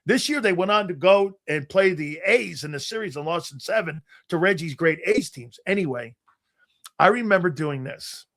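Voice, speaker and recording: A middle-aged man chatting casually as a sports show host, slipping into lively retellings of old memories. His voice sits a little high for a man, and the talk is loose and conversational. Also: moderate pace. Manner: animated storyteller, acts out his younger self.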